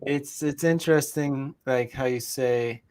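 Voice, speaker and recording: Male podcast host, mid-pitched voice, casual chat, opinionated, halting delivery. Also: darkish tone, clean tone. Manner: opinionated, halting, with frequent restarts.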